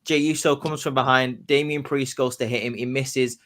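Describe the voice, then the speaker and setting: A man on a casual podcast, telling his predicted wrestling storyline like excited play-by-play. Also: medium pitch, normal speed. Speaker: podcast host.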